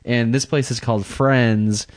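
A man in his thirties co-hosting a podcast in casual chat, often laughing and acting out quick voices as he tells a story. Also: medium pitch, steady tone. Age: 30s. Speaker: podcast co-host.

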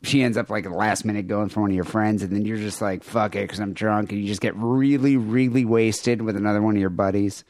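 Male co-host with a low voice and a sarcastic, crude style, recorded dry. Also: steady tone, fast, hardly any pauses, a little mellow, no room sound. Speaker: podcast host. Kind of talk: casual comedic chat.

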